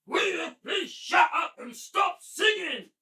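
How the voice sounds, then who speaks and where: A man voicing a furious, ranting character who yells at the top of his voice. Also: very high voice, brisk, voice pushed up, full character voice. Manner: yelling, ranting. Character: furious shouting man, Mister Angry. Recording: roomy, distant from the mic.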